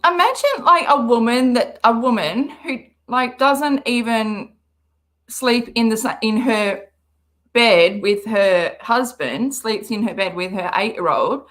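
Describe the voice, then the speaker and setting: A woman hosting a reaction livestream, talking in an animated, sarcastic way and laughing often. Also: a little high. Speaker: livestream host.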